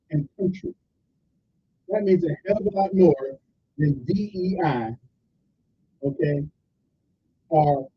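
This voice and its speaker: Gravelly fired-up male talk radio host. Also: on the high side, muffled recording. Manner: indignant, ranting, emphatic. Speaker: radio call-in show host. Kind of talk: opinionated talk radio commentary.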